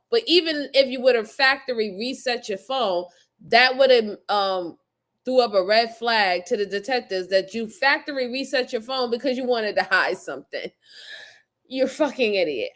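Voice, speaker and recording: A woman with a fairly high voice reacts to crime videos and talks straight to her chat. She is blunt and exasperated, curses freely and often laughs. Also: lively intonation, moderate pace, fairly bright tone. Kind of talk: casual reaction commentary to live chat.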